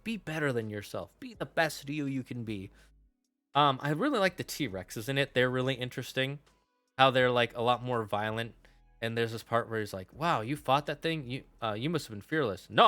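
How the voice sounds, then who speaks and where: A man's voice: mid-range voice, bright, forceful tone, clean tone, dry recording. A young adult man streaming casual tier-list commentary, opinionated and swearing as he rants. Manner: opinionated, swears while ranting.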